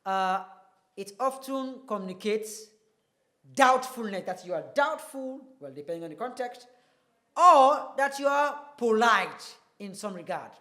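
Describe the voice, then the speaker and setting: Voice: mid-range voice, lively intonation, measured pace, pushed and bright, echoey room. Teacher quizzing with rhetorical questions. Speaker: English teacher. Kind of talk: classroom-style TV lesson.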